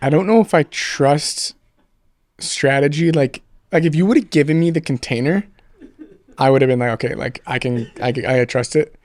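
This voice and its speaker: A man's voice: a little high, moderate pace, darkish tone, dry recording. Young man telling a rambling, profane story. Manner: rambling storyteller, swears freely, many fillers. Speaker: podcast guest. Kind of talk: casual podcast chat.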